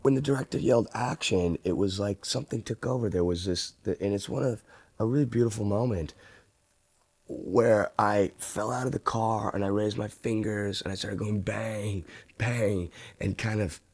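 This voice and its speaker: A man, an actor, recalling film shoots in an animated storytelling way, acting out what people said. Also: lowish voice, moderate pace, no room sound. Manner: animated storyteller, acts out quotes.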